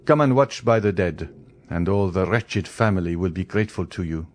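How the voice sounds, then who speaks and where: A man's voice: low voice, animated, moderate pace. A man voicing an earnest, courteous physician. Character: earnest male physician, kind.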